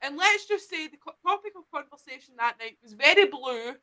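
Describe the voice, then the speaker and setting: A woman's voice: high-pitched, lively intonation, a little fast, bright, forceful tone. A woman co-hosting a casual panel chat, teasing and matter-of-fact. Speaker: co-host.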